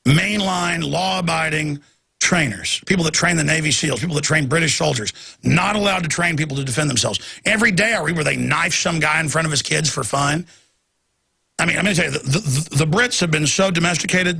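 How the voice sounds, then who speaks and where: Man, talk host, gravelly fry-heavy voice, tense and forceful, ranting monologue, erupts into shouts. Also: fairly high pitch. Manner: impassioned, rants with sudden shouted bursts.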